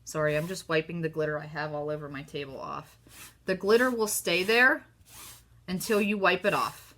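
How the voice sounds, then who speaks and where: A woman with a Southern US accent hosting a casual live craft demo, chatty and excitable as she talks to her viewers. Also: sits low, moderate pace. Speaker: craft host.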